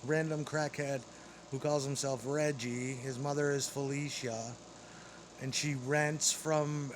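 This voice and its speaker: A man's voice: mid-range voice, level tone, slow pace, noisy background. A man delivering an angry, rambling, profane monologue straight to camera.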